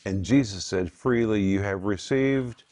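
A man's voice: on the low side, a little slow, a little mellow. A man co-hosting a Christian program, teaching from the Bible in an emphatic preaching cadence.

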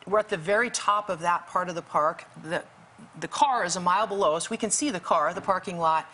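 Vivid storytelling woman, lowish voice. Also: fairly quick, a bit bright. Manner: vivid, acts out quoted dialogue. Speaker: guest author. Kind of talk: storytelling testimony.

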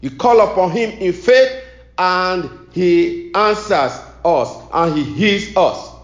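A man's voice: sits high, animated, slow pace, reverberant. A male preacher delivering a sermon and prayer with a rhythmic, repetitive cadence.

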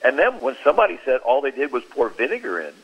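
A man speaking at a middling pitch with a slightly husky edge, telling stories on a Christian radio talk show. He livens his tales by acting out what people said. The sound is muffled and lo-fi, as if heard over radio. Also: fast talker. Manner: animated storyteller who acts out quoted speech.

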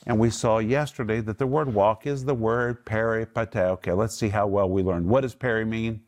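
A man's voice: fairly low pitch, moderate pace. A man teaching the Bible to a small group, emphatic, lifting his voice to stress his points.

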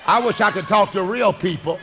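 A male pastor preaching a sermon, shouting and singing his lines and calling out to the congregation. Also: high-pitched, brisk, a little hiss or hum. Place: large church hall with congregation. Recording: echoing hall with music and crowd.

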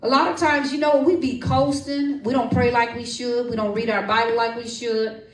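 A woman preaching a lively sermon with testimony and prayer, calling out to her congregation and coaxing responses. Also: on the high side, normal speed, far from the mic. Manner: lively, call-and-response, folksy. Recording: echoey room, voice from off-mic.

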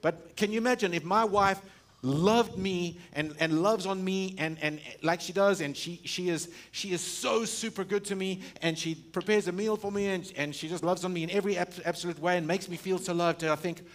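A male pastor preaching a sermon, full of rhetorical questions and restarts, swinging from loud emphasis to hushed, low stretches. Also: normal speed.

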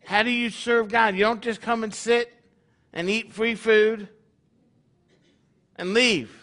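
A man's voice: high-pitched, fairly even intonation, slow pace, sharp tone. A man leading his congregation in a conversational sermon, full of rhetorical questions. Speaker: congregation leader.

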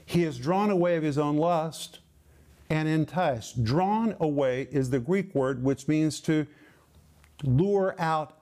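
A man preaching a sermon, who explains words closely and slows down to stress his points. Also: a little high, darkish tone.

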